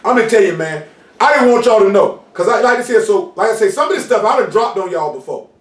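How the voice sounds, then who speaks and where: A man preaching an informal sermon in street slang, often asking "you know what I'm saying" and shouting for emphasis. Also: sits high, animated, fast talker. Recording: roomy hall, mic far off, faint noise.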